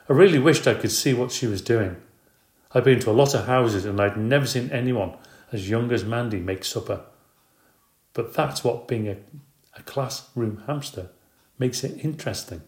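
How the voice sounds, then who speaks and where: A man narrating a children's storybook in the first person at an even, measured pace. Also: mid-range voice. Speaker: audiobook narrator. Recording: roomy echo.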